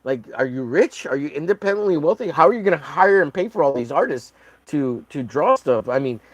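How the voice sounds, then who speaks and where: A man's voice: a little high, expressive, brisk, no room sound. A man chatting casually on a livestream while drawing, rambling and joking with lots of swearing. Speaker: artist streaming a drawing session.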